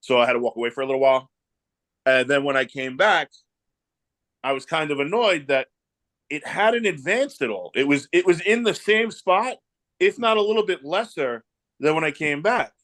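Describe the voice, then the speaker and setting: Animated male storyteller, dry sound. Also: fairly high pitch, moderate pace, no echo. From New York area. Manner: animated, acts out dialogue in anecdotes. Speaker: event promoter. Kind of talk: casual storytelling.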